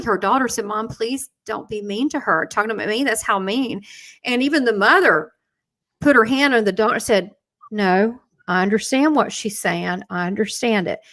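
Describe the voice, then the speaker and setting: Woman host, medium, bright sharp tone, animated anecdotes, lots of restarts, video call. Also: a little high. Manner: animated anecdotes with quoted dialogue and frequent restarts. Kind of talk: live online chat, storytelling.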